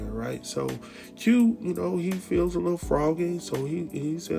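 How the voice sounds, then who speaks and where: A man hosting a casual TV episode recap, talking in an animated, slangy way. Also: a little high, normal speed, creaky. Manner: animated, slangy, laughs often, jumps into quoted voices. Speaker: recap host. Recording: music bed behind voice.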